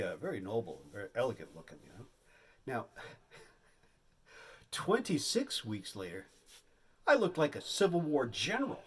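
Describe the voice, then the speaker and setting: A man telling a comic story on stage, with an animated, exaggerated delivery. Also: mid-range voice, husky. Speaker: stand-up comedian. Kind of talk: stand-up storytelling.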